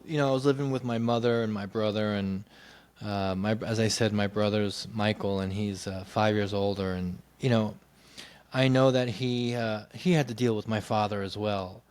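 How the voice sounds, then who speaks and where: A man's voice: fairly low pitch, no room sound. A man telling his life story in a candid, rambling monologue, full of 'you know' fillers and casual swearing.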